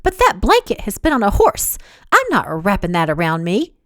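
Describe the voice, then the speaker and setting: During a storybook romance reading, a woman voices an indignant young woman shouting in a high, shrill voice. The delivery is very animated and at normal speed, close to an everyday voice, in a dry, clean studio recording.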